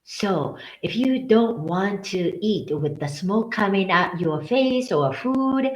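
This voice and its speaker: Woman teacher, lively pitch, slow and patient, repeats phrases, echoey room. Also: muffled recording. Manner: explains slowly, repeats phrases for practice. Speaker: language and culture teacher. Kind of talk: casual instructional video.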